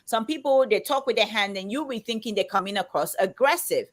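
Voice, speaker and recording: Loud, emphatic woman in her fifties. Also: medium pitch, expressive, a little fast. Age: 50s. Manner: loud, emphatic, talks as if shouting. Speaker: co-host of a live chat show. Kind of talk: casual chat.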